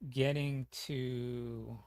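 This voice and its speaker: A man's voice: mid-range voice, little pitch movement, very slow, a little mellow, smooth, dry recording. A man talking casually as a streamer, rambling with lots of fillers, restarts and casual swearing.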